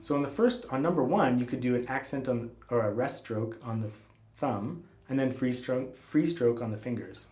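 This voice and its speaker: Calm man teaching guitar in a roomy space. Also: medium pitch, moderate pace. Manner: calm, patient explaining, calls out finger letters. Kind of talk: spoken instruction between playing. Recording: roomy sound with guitar playing.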